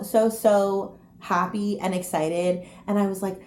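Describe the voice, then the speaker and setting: Young woman, casual vlog storytelling, chatty asides, roomy echo. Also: medium pitch. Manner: chatty, animated, quick asides. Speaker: vlogger. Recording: echoey room, faint noise.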